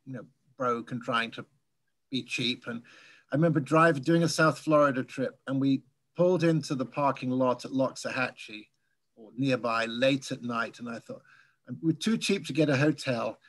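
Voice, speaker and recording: A man from England whose accent has drifted toward American, telling birding stories in a relaxed Q&A over a video call. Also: medium pitch, normal speed. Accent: English, softened by years in America. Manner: chatty, anecdotal, laughs while telling stories. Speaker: guest speaker. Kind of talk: casual Q&A chat.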